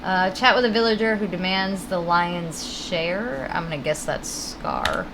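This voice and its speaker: A woman's voice: fairly low pitch, big pitch swings, unhurried, background noise. A woman with a Connecticut accent, chatting casually and rambling while she plays a video game and answers her chat. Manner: chatty, rambling, reads chat aloud, swears now and then. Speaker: game streamer.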